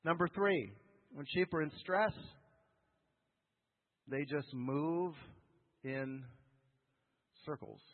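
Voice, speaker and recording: Animated male pastor in an echoing hall. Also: a little high, slow pace, pauses often. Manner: animated, asks the congregation questions. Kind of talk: sermon. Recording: phone-like sound with long hall reverb.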